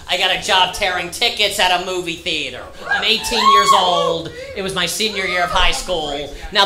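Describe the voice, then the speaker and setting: A man in his thirties tears through a stand-up set, profane and ranting, with his voice climbing into shouts. He is on a stage mic in a reverberant club, and a loud crowd laughs around him. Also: high-pitched, slight background noise. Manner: foul-mouthed, ranting, rising to shouts. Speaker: stand-up comedian. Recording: echoey club with loud audience. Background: audience laughter.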